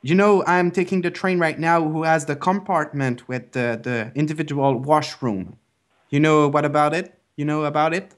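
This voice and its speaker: A man's voice: on the high side, moderate pace. A young man making a prank call, complaining in an overly dramatic, stammering way. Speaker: prank caller.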